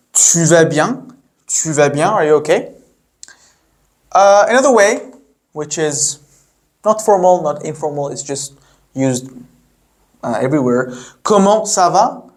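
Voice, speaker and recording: A man teaching a beginner language lesson, explaining slowly with many fillers and restarts, and modeling phrases for learners to repeat. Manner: models phrases with a raised pitch for repetition. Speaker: French teacher.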